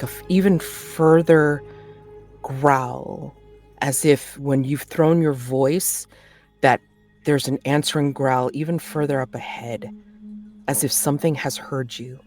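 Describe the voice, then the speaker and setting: A game master explaining rules and describing a haunted forest, slow and halting with frequent restarts. Now and then the voice jumps up in excited laughter. Faint music runs underneath. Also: medium pitch. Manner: hesitant, many restarts, bursts of excited laughter. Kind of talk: running a tabletop game.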